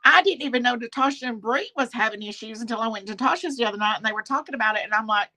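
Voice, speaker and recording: A woman's voice: on the high side, rapid-fire, sharp tone, rough recording. A woman in casual gossip chat, talking freely and often laughing. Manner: chatty, laughs often, quotes others in put-on voices.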